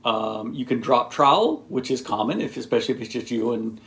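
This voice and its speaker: A man's voice: mid-range voice, expressive, a little fast, fairly bright tone. A man talking casually to camera, rambling and explaining in a teacherly way with lots of ums and asides. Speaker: video blogger.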